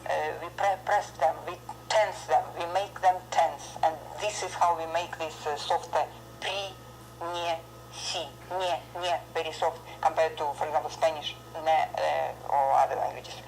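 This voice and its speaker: A woman teaching verbs in English, repeating each word slowly three times with many filler sounds. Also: deep voice, fairly even intonation, vocal fry, a little mellow, slight background noise, rough recording. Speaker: Russian language teacher. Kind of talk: language lesson.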